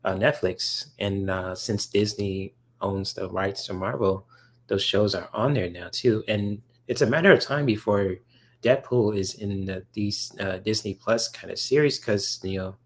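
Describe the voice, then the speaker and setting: A man's voice: fairly low pitch, a little slow. A man hosting a casual livestream, answering viewers' chat questions in a rambling, enthusiastic way with lots of fillers. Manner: rambling, filler-heavy, enthusiastic about comics.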